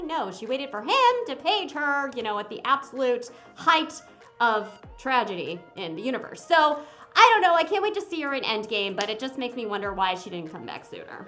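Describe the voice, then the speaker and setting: A woman giving a casual movie review, chatty and animated, talking straight to her viewers. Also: on the high side, faint music behind. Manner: animated and exclamatory, breaks into quick impressions; chatty, addresses viewers directly.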